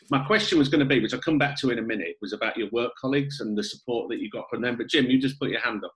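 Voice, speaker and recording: A man's voice: mid-range voice, racing, few pauses, fairly bright tone, low-quality recording. A man hosting a panel discussion, chatty and informal, thanking and prompting his guests. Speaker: host. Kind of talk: hosting a video call panel.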